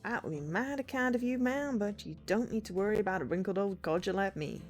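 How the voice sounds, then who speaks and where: A woman voicing a big, scary-looking but gentle old man, talking courteously in a put-on American accent. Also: medium pitch, lively intonation, brisk, faint music behind, close to an everyday voice.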